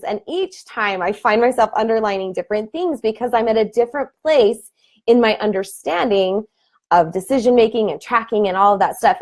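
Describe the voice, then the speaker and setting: Woman in her thirties, coach on a live video call, chatty, laughs a lot, animated bursts, higher pitch. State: emotional. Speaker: fitness team coach.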